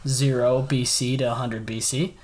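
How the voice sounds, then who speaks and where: A man hosting a casual trivia game, reading out each question slowly and repeating it. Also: medium pitch, flat delivery, darkish tone. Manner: reads questions twice, slowly and deliberately.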